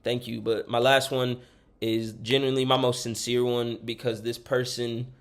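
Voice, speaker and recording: Choked up close to tears, a young male podcast host sincerely thanks his friends and listeners in a rambling, freely sweary stretch of heartfelt shout-outs. He speaks at medium pitch and a moderate pace, with little pitch movement.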